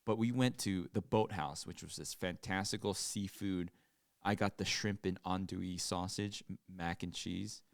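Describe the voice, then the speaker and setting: A young man co-hosts a casual podcast in a fairly low register. He tells stories with animated energy and jumps up into loud, acted-out quotes of other people. The sound is close and dry. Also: moderate pace, vocal fry, dry recording. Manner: animated storytelling, acts out quotes loudly. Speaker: podcast co-host. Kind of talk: casual chat.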